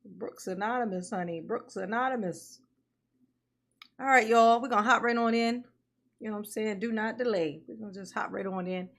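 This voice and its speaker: A woman with a medium-pitched voice speaks at a normal speed while running a casual livestream commentary. She welcomes viewers by name, laughs often, and addresses them as honey and baby.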